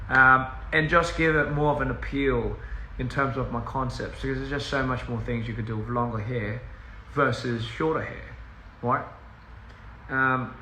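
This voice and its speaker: A man's voice: mid-range voice, sharp tone. A man chatting casually on a phone livestream from inside a house, rambling, easily sidetracked and laughing often. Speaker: touring musician on a livestream. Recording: roomy echo with faint hiss.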